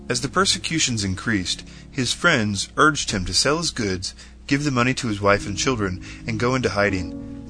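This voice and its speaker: A man narrating historical martyr stories in an earnest, measured reading. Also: medium pitch. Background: faint guitar music.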